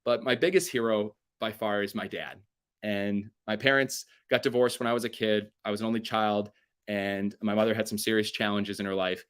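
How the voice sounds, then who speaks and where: A man's voice: moderate pace, clean tone. A man giving a keynote talk, telling stories with energy and acting out what people said. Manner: energetic storyteller acting out quotes with big pitch jumps. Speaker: keynote speaker. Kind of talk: motivational storytelling keynote.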